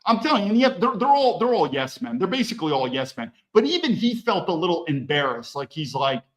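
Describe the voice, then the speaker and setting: Male podcast guest with a high, animated delivery and a blunt, profane edge. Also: fairly quick, low-quality recording. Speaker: podcast guest, former federal agent. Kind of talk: animated conversational storytelling.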